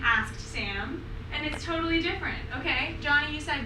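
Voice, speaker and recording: High-pitched female teacher, animated classroom delivery, keeps checking in with her students. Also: normal speed, noisy background. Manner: animated, checks understanding often. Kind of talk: classroom writing lesson.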